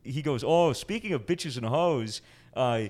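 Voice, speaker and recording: A man at an ordinary middle pitch, telling a chaotic story in loose, profane podcast chat. He swears constantly and slips into quoting the people he talks about. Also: a little slow. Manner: profane, animated retelling. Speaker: podcast co-host.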